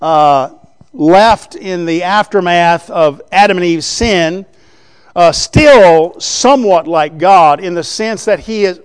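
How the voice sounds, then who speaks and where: In a slow, smooth, high voice, a man teaches from the Bible in a conversational sermon. He writes on a board as he goes and often uses rhetorical questions to check in with those listening.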